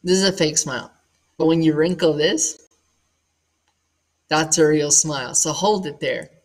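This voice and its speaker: With a fairly high voice and a measured pace, a young actor and singer runs a casual acting workshop. His delivery is animated and demonstrative, peppered with "like" fillers.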